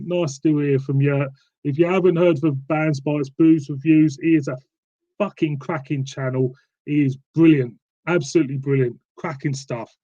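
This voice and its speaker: Southern english bloke doing a casual live beer stream, rambly, keeps repeating himself and saying mate. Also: male voice, fairly high pitch, darkish tone. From southern England. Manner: rambling and repetitive, calls viewers "mate".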